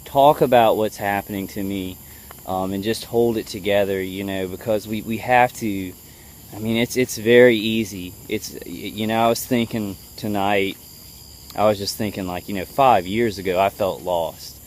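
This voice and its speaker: A man giving a personal video update, halting and full of fillers and restarts, trying to stay calm and level. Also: fairly low pitch, a little hiss or hum. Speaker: vlogger.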